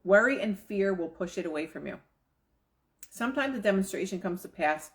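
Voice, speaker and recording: A woman's voice: medium pitch, expressive, a little fast. Woman reading and musing on manifesting. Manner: casual, conversational asides with quoted inner voices. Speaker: manifestation coach. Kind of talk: reading a book aloud and commenting.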